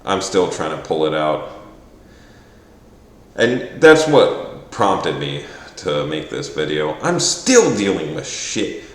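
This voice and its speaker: A man's voice: sits low, sing-song, slow. A man rambling through a profane, exasperated rant to camera, often mimicking other people's voices. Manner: quotes others in mocking voices. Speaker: vlogger. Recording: echoey room.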